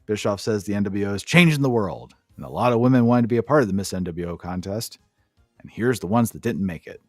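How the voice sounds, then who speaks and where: A man's voice: lowish voice, dry recording, clean studio sound. A man co-hosting a podcast, giving a sarcastic, profane play-by-play recap in casual chat. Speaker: podcast co-host.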